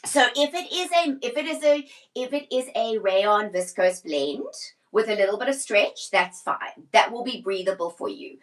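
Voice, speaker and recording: A woman's voice: on the high side, animated, normal speed, fairly bright tone, rough recording. A middle-aged woman, a personal stylist, chatting casually on a live shopping stream, answering viewer questions and often restarting her sentences.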